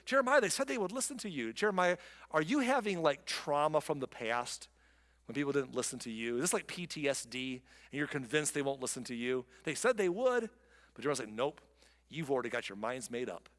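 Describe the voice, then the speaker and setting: A man preaching a sermon as pastor, reading scripture slowly and breaking into quick joking asides. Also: fairly high pitch, long reverb tail. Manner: lively, reads scripture slowly then jokes in quick asides. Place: church.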